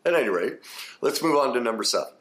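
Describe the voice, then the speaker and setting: A man who works as a therapist and author, giving a blunt, emphatic self-help talk that swings between quiet stretches and animated bursts. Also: mid-range voice, fast talker.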